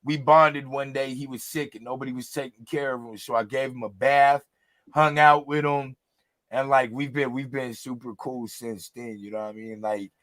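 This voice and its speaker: A man's voice: mid-range voice, steady tone, normal speed, a bit bright, dry recording. A man hosting a casual interview, joking around, laughing often and talking loosely with lots of fillers. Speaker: interview host. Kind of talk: casual chat.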